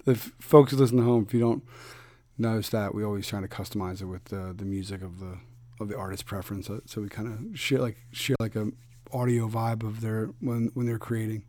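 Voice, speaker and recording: A man's voice: fairly low pitch, steady tone, fairly quick, dark tone. A man from Philadelphia hosting a podcast, chatting casually with a guest, laid-back and rambling with lots of fillers and restarts. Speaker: podcast host. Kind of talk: casual interview chat.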